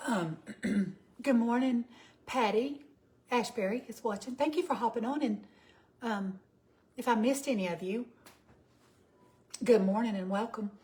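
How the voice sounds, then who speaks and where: A woman in her fifties from Georgia, US, with a Southern accent, chats casually on her cooking livestream, greeting viewers by name and reading their comments. Her voice is on the high side and a little mellow, unhurried and pausing often.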